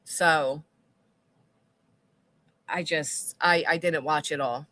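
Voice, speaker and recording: A woman's voice: low voice, fairly even intonation, drawn-out words, sharp tone, dry recording. A middle-aged woman hosting a casual livestream, chatting and rambling as she reads out viewer comments.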